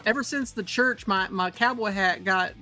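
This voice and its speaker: A woman plays in a tabletop game, chatty and giggly, rambling through her turns. Her voice sits at a middle pitch. Faint music plays behind her. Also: normal speed, pushed and bright. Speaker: player.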